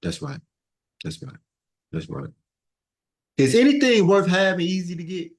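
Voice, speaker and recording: Animated man teaching a Sunday class. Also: high voice, unhurried. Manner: animated, call-and-response, repeats phrases. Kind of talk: preaching lesson to a class.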